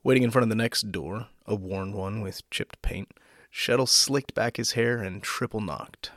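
A man hosting a story podcast, reading a short story aloud after relaxed, self-deprecating remarks. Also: lowish voice, normal speed, dry recording, clean studio sound. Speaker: podcast host and narrator.

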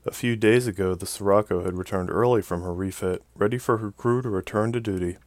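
A man narrating a science fiction story in an even, measured way. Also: fairly low pitch, no echo. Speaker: audiobook narrator. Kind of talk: scripted narration.

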